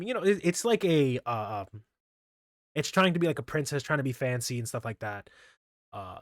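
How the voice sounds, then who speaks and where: A man's voice: fairly high pitch, lively intonation, moderate pace, no echo, studio quality. A man casually recapping comic chapters for his channel, rambling with lots of fillers and restarts. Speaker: manga review channel host.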